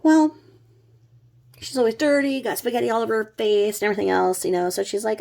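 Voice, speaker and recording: A woman's voice: a little high, steady tone, brisk, vocal fry, a little mellow. A middle-aged woman telling a true crime story in a chatty, sarcastic vlog style with blunt asides. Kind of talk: casual vlog narration.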